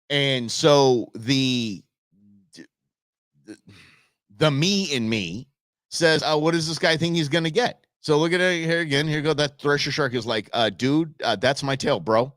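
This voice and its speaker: A man hosting a live show, talking casually and excitably over video clips and speaking to viewers by name. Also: mid-range voice, no room sound, clean studio sound. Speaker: host.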